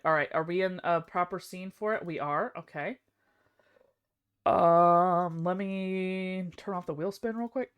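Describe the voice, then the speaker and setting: A young woman live streamer chatting casually, excitable and self-deprecating. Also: on the low side, clear, resonant tone, dull audio.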